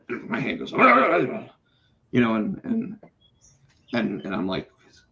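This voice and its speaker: A middle-aged man tells a story in a loose, animated way and acts out each quote. His voice sits at a middle pitch. The recording sounds a little dull and lo-fi. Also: unhurried, pauses often. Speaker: podcast co-host, comic book artist. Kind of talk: casual storytelling chat.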